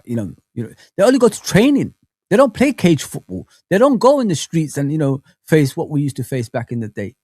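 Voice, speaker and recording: Guy on a live footy stream, slightly high voice, dry close mic, keeps saying bro and man. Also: no room sound. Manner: animated, rambling, heavy on slang fillers like bro and man. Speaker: host of a live football fan chat. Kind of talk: casual live-stream chat, reading comments aloud.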